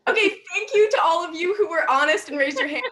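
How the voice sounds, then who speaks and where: Young woman doing standup, high voice swinging all over, takes her time, keeps laughing. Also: a little hiss or hum. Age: young adult. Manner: bubbly, giggly, animated delivery. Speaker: stand-up comedian. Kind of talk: stand-up set.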